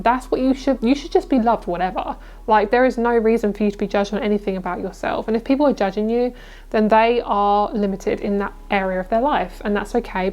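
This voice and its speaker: A woman's voice: fairly high pitch, a little mellow. A young woman giving a casual, reassuring tarot reading, chatty and full of fillers. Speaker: tarot reader.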